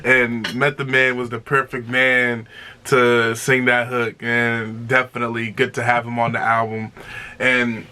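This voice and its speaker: A man reviewing an album in an excited, casual way, exclaiming and repeating himself. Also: mid-range voice, unhurried, clear, resonant tone. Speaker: music reaction reviewer.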